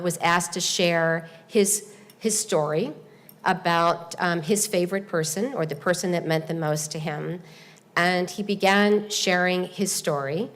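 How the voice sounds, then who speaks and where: A woman hosting a seminar, giving an earnest formal speech to an audience, telling a story with pauses and fillers. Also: on the low side. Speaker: event host and presenter. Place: large hall at a speaking seminar. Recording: long hall reverb.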